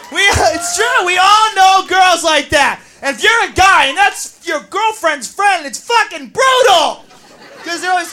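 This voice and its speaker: A woman's voice: extremely high pitch, lively intonation, a little slow, pushed and bright, shouting. A woman doing a stand-up comedy routine on a club stage, brash and profane, acting out characters. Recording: live show with crowd noise.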